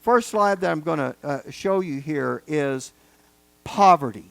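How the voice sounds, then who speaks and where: A man's voice: fairly high pitch, expressive, a little slow, creaky, no room sound. A man teaching a Bible study lecture, talking casually and then stressing key words with rising force. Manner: emphatic, building to loud stresses on key words.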